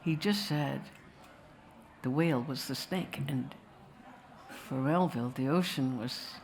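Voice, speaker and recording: A woman's voice: very deep voice, slow, slight background noise. A woman telling a wry, digressive story to a festival audience and slipping into voices now and then. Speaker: filmmaker answering questions.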